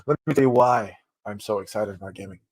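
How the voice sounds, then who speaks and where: A man co-hosting a casual gaming podcast, talking in an excitable, rambling way with frequent swearing while he has the hiccups. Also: on the low side, fast. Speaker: podcast co-host.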